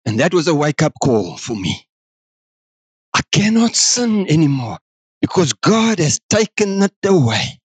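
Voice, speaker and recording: A man with a South African accent preaching a sermon in an animated way, acting out God's words. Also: a little high, a little slow, breathy edge, no echo. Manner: animated, acts out God's words, mixes in other languages.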